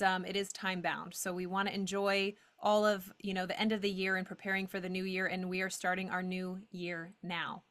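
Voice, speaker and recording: Woman co-host with a bright, forceful voice delivering an upbeat closing pitch. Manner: upbeat, hesitant fillers. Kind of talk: webinar wrap-up and sales pitch.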